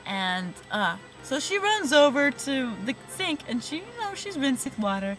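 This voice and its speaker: A young woman telling a story in her car, swinging between loud bursts of swearing and muttered asides. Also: sits high, very animated, moderate pace, soft background music, low-quality recording. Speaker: vlogger. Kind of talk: ranting storytime. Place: inside her parked car.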